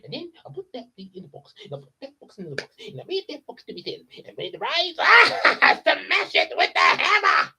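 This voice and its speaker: A man's voice: very high voice, huge pitch swings, a little fast, hardly any pauses, bright, forceful tone, pitched above the performer's own voice, exaggerated voice. A man voicing a vain, scheming older cartoon villainess who shrieks and hisses. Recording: dull lo-fi sound.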